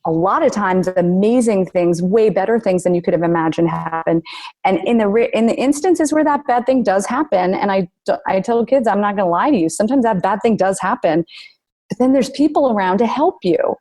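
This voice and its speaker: Earnest, animated woman author, guest on a podcast. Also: medium pitch, fairly quick. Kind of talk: podcast interview.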